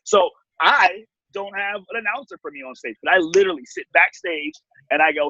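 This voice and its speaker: A man who works as a TV warm-up host and emcee, talking animatedly on a video call with big swings in pitch and loudness. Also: lively intonation, brisk, no room sound. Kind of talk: casual video-call interview. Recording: dull lo-fi video-call audio.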